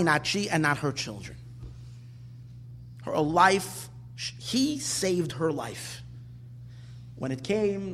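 A man giving an animated Torah class, driving his points home with rhetorical questions and repeated phrases. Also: high-pitched. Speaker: Torah teacher.

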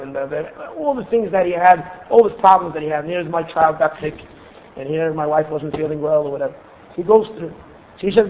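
Man teaching over a tinny line. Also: fairly high pitch. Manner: halting, repeats words while searching for phrasing. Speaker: religious teacher. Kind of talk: Torah lesson with storytelling. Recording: tinny phone-like recording, faint hiss.

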